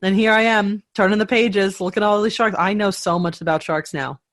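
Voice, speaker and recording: A woman's voice: medium pitch, fairly even intonation, fairly quick, no room sound, clean studio sound. Curious woman hosting a chatty interview. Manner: curious, shares anecdotes, asks follow-ups. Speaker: podcast host. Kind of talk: casual interview chat.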